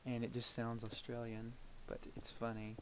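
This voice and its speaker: A man's voice: mid-range voice, completely flat delivery, normal speed, slight background noise. A man chatting casually over his own gameplay, rambling from one story to the next. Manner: rambling and chatty, with frequent fillers and laughs. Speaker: gameplay video creator.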